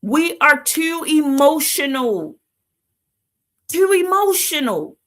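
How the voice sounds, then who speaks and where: A woman's voice: high-pitched, very animated, slow, a bit bright. A woman hosting a livestream who gives a motivational talk in casual vernacular, asking "Why?" before each answer. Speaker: livestream host.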